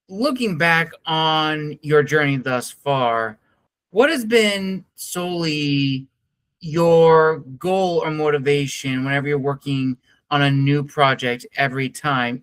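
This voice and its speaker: A man's voice: a little high, fairly bright tone, clear, resonant tone. A man hosting an interview, asking long, formal, winding questions. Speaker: podcast interviewer.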